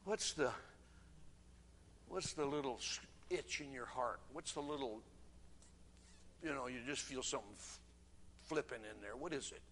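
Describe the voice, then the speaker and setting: A man preaching a sermon, swinging from shouting to hushed, near-whispered urging. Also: medium pitch, moderate pace, long pauses. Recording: reverberant hall, faint room noise.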